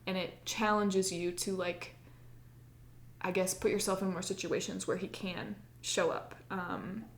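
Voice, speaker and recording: Unhurried and steady, with a fairly low voice, an American woman recounts a personal story on a podcast in casual chat. The sound is roomy, and she peppers her talk with "like" while acting out her own past lines.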